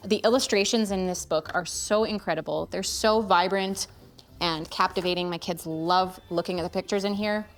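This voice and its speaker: A woman's voice: fairly low pitch, steady tone, normal speed. A woman in her thirties talking to camera as a parent, recommending gifts in an earnest, chatty way. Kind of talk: casual review vlog. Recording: faint music behind.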